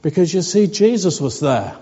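A man's voice: fairly high pitch, very animated, moderate pace, mellow, husky. A man giving a sermon in a wry, conversational storytelling manner. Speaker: preacher. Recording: dull recording in a reverberant hall.

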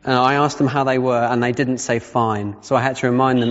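A man's voice: medium pitch, fairly even intonation, normal speed, hardly any pauses. A man giving a conversational sermon, reading Bible passages aloud and breaking off to rephrase. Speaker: preacher. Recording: muffled sound with long reverb in a hall.

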